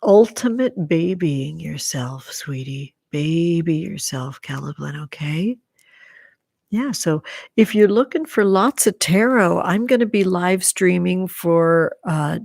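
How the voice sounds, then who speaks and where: A woman hosting a tarot live stream in casual chat, affectionately calling viewers honey and sweetie and sometimes dropping to a soft whisper. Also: lowish voice, creaky, no room sound, clean studio sound. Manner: drops into soft whispers while reading comments.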